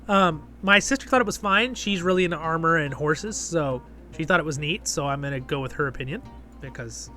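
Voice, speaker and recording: Guy reviewing a fantasy episode, bright forceful voice, kinda high, rambly, keeps saying right?, faint music behind. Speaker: show reviewer and channel host. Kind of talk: casual episode recap and review.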